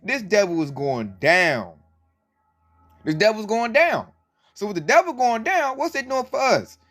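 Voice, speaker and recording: A man's voice: high-pitched, very animated, a little slow, fairly bright tone. A man giving emphatic, colloquial commentary with a preaching edge, often breaking into laughs. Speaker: religious commentator.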